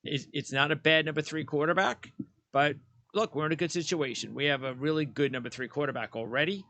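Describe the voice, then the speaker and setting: A man's voice: a little high, brisk, sharp tone, no room sound. A man co-hosting a sports talk show, arguing his roster picks in an emphatic, opinionated way with frequent restarts. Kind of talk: casual sports debate.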